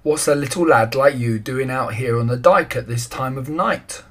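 Guy doing a gruff lantern man, growly and loud, husky. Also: mid-range voice, moderate pace, lightly acted.

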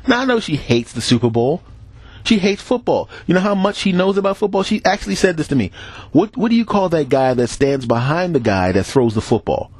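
A man's voice: fairly high pitch, fast, no echo. A middle-aged man hosts his own podcast and tells casual comic stories. His voice swings up and down as he acts out the people in them. The recording is close and dry. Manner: animated, acts out quoted voices, laughs between bits. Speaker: podcast host. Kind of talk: casual comic storytelling monologue.

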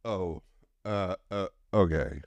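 A man's voice: low voice, takes it slowly, darkish tone, dry recording. A man hosting a comedy podcast, playing the exasperated straight man to his co-hosts. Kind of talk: sketch comedy podcast banter.

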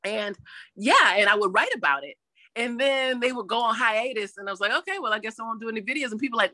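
Lively laughing woman comedian. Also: a little high, quick pace, no echo. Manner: expressive, laughing often, acting out quotes in voices. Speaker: YouTube comedian guest. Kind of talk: animated interview answers.

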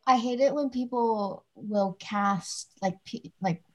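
A woman's voice: medium pitch, takes it slowly, a little mellow, dull audio, slight background noise. Chatty woman, filler-heavy casual talk. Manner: frequent fillers and restarts, conversational. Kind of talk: casual chat.

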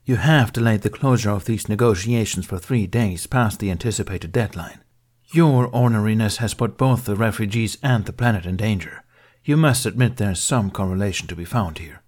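A man's voice: on the low side, normal speed, a little mellow, close to an everyday voice. A man reading a fan fiction audiobook, voicing a stern, formal male Jedi master with cold, contemptuous authority.

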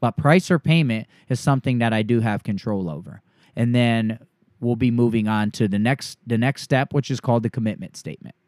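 A man coaching trainees through a sales script, switching into the pitch he gives a homeowner. His voice sits in a middle pitch and sounds dry and close, with no room around it. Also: brisk, darkish tone, no echo.

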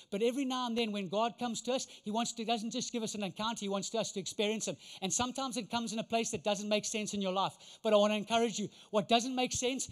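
A man preaching a sermon as pastor, emphatic and full of rhetorical questions. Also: high-pitched. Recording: long reverb of a large hall.

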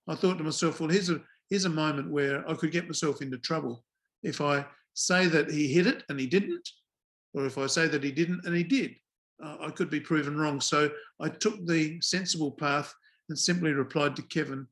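A man's voice: fairly high pitch, moderate pace. Older man telling wry stories. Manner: relaxed, wry anecdotal telling with fillers. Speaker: former cricket umpire, guest. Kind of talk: casual interview storytelling.

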